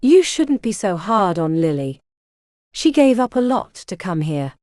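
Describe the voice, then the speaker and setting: A woman voicing a soft-voiced, gentle witch sister. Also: mid-range voice, very animated, a little slow, no room sound, studio quality.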